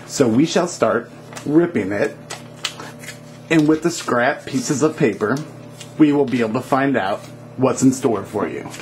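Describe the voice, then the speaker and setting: A man voicing a calm, theatrical female fortune teller who speaks in slow, measured pronouncements. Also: mid-range voice, a little hiss or hum, natural voice. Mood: mysterious.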